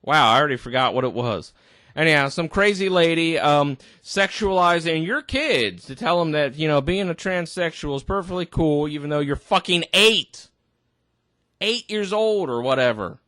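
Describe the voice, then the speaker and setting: A man's voice: on the high side, lively intonation, normal speed, pushed and bright, no echo, studio quality. A man in a crude, incredulous reaction rant, tipsy and laughing as he talks. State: drunk. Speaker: vlogger reacting to a video. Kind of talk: ranting reaction commentary.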